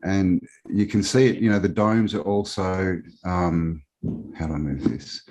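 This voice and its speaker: An Australian man talks casually over a remote call as a guest on a live show. His voice sits very low, and he wanders through his points with plenty of fillers. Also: steady tone, measured pace, a little mellow. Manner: rambling, meandering with many fillers. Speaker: podcast guest.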